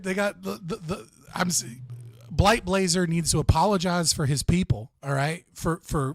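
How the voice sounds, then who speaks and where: A man's voice: on the high side, no echo, clean studio sound. An American man hosting a casual livestream, joking and rambling with frequent laughs. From United States. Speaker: streamer and debate host.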